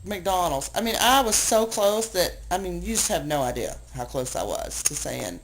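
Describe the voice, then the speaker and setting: A woman at home, worn out and low after a long cry, venting to a camera she aims at herself in a rambling, self-deprecating, exasperated way. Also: big pitch swings, moderate pace, slight background noise, rough recording. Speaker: video blogger. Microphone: handheld camera she aims at herself.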